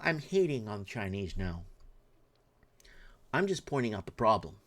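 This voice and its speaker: A man's voice: mid-range voice, very animated, moderate pace, long pauses, fairly bright tone. A middle-aged man, commenting in an impassioned rant, indignant and heated with frequent restarts. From Canada.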